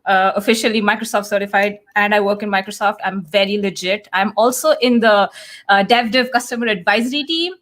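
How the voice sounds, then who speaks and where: A woman's voice: medium pitch, a bit bright. A woman co-hosting a live developer stream over a video call, sassy and jokey. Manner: sassy, jokey, rapid-fire. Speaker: guest co-host. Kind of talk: casual live-stream chat.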